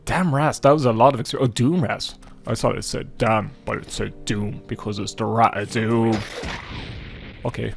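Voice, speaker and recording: A man's voice: lowish voice, steady tone, moderate pace, creaky, soft background music. A man with an Irish accent giving rambling, chatty let's-play commentary as a gaming YouTuber, swearing casually as he plays.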